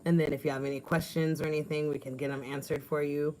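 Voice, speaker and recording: Chatty woman livestream host, low voice, laughs easily, outdoors at home on a phone stream. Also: level tone, quick pace, darkish tone, a little hiss or hum. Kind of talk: casual live chat, reading viewer comments.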